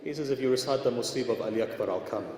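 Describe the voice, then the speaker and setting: A man's voice: mid-range voice, very fast. A male preacher telling traditions in an emotional sermon, speaking straight to his listeners and voicing the people in the stories. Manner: addresses listeners directly, retells traditions with quoted dialogue. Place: large indoor shrine hall. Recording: roomy hall echo, background noise.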